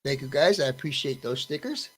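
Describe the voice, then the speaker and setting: A man's voice: medium pitch, fairly quick, husky, poor audio. A man hosting a live stream, greeting his viewers one by one by name in a friendly, casual way. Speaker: livestream host greeting chat. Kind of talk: casual livestream chat.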